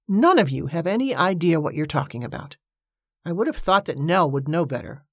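A curmudgeonly Scottish man grumbling his objections, as a woman narrator voices him. The voice stays close to her own low, even reading tone, with only an edge of exasperation. It is dry and close-miked. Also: fairly quick, dry recording. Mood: grumbling, exasperated. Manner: grumbling, obstinate. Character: grumpy stubborn Scottish man. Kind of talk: audiobook character reading.

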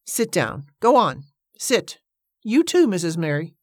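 A bossy, imperious lady who hands out firm orders and brooks no argument, as a woman reads her aloud. The voice is low and clipped, recorded close and dry. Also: big pitch swings, measured pace, darkish tone, dry recording. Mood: commanding. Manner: firm, commanding, impatient. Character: bossy, imperious middle-aged woman organizer.

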